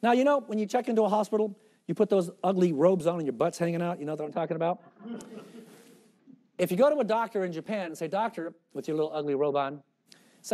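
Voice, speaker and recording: A man's voice: high-pitched, quick pace. A man giving a sales presentation to a room of people, joking and acting out little voices. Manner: animated, jokey, acts out little voices. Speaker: product presenter.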